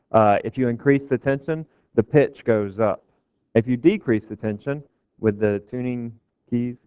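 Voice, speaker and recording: A man's voice: mid-range voice, smooth, no echo. A man giving a physics lecture to a class, casual and joking with his students. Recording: dull, dry lecture recording.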